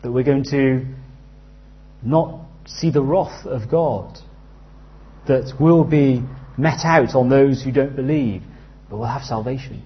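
A man in his thirties preaching a sermon earnestly, dropping to a hush and rising loud as he tells stories. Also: mid-range voice. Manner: earnest, with big swings from hushed to loud in anecdotes. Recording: slightly dull, lo-fi sound.

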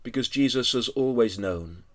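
A man preaching a sermon, earnest and measured, building to emphatic high passages, with frequent "uh" fillers. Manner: earnest, rising to emphatic peaks with tag questions.

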